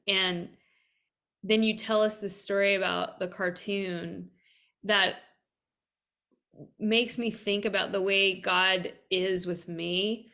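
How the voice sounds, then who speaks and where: A woman's voice: medium pitch, steady tone, unhurried, a bit bright. A woman hosting a podcast, chatting casually with guests and laughing easily. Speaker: podcast host. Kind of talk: casual conversational interview.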